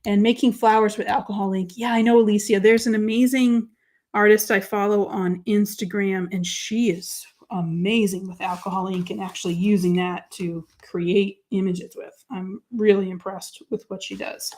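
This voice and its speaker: A woman hosting a live crafting show, chatting with viewers and talking through each step, her voice dropping to quiet murmurs while she writes. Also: mid-range voice, fairly even intonation, normal speed. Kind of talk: live crafting chat, answering viewer comments.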